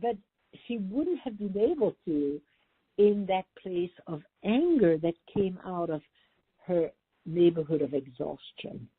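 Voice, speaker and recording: Older woman, animated storyteller, husky voice, dry phone-line sound. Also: fairly low pitch, a little slow, dry recording. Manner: warm, animated storytelling, acting out quoted voices. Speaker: guest therapist. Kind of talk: storytelling in a radio interview.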